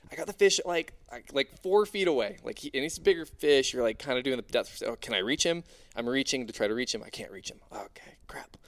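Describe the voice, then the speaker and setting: A young man casually telling an animated, excitable diving story, full of fillers. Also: mid-range voice, fast. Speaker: spearfishing diver guest.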